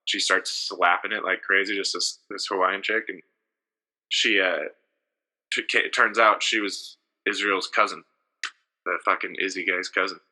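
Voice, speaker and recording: A man's voice: low-pitched, steady tone, moderate pace, bright, forceful tone. A young man co-hosting a podcast, telling rambling stories full of fillers in casual comedic banter. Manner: rambling storyteller, frequent fillers. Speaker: podcast co-host.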